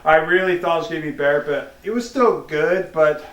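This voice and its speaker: Male co-host, relaxed moderator, mic far off in an echoey room. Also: on the high side, brisk. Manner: casual, keeps the talk moving. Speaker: podcast co-host. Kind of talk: casual wrestling review chat.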